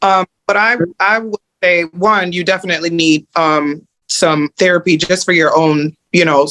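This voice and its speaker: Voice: medium pitch, steady tone, normal speed, pushed and bright. Methodical coach counting out points. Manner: methodical, lists points, many fillers. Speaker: mindset coach. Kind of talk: group coaching call.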